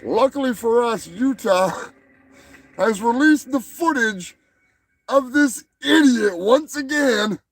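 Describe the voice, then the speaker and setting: A man's voice: very high voice, lively intonation, slow, husky, dry recording, faint music behind, rough recording. A male show host giving rambling, profane comedic commentary, often stumbling over and repeating his words.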